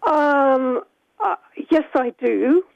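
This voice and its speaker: A woman professor giving measured, explanatory answers in a radio interview over the phone. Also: high voice, gravelly, dry recording. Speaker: sociolinguistics professor. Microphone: telephone. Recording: tinny phone line.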